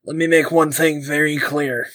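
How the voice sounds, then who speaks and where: A man's voice: a little high, steady tone, moderate pace, a bit bright, poor audio. A man playing in a tabletop game who talks brashly and swears a lot in character. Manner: brash and profane, playing a threatening brawler. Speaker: tabletop player.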